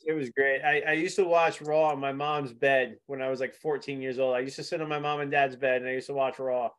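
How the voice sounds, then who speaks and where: A man's voice: mid-range voice, flat delivery, a little fast, fairly bright tone, smooth. A man co-hosting a podcast, chatty and rambling in casual talk, laughing often. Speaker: podcast co-host. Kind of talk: casual chat.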